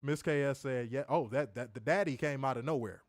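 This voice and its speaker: A man co-hosting a wrestling review stream, answering viewer comments in casual, animated chat. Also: medium pitch, brisk, no room sound, studio quality. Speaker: wrestling show co-host.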